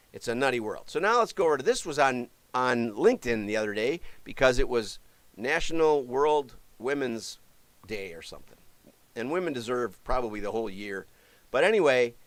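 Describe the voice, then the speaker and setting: A man's voice: mid-range voice, a bit bright, dry recording. A middle-aged American man hosting a livestream, talking casually in a chatty, jokey way with frequent self-interrupting asides. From United States. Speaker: livestream show host.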